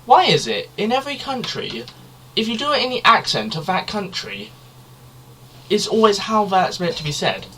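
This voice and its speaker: A man's voice: sits high, big pitch swings, moderate pace, sharp tone, a little hiss or hum. A young man co-hosting a casual podcast, rambling and chatty, swearing loosely. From Britain. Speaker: podcast co-host. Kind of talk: casual chat.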